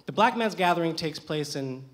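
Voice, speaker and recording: Young man, high voice, live stage storytelling, animated, comic timing. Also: normal speed, heavy background noise. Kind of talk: live personal storytelling onstage. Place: theater stage with audience.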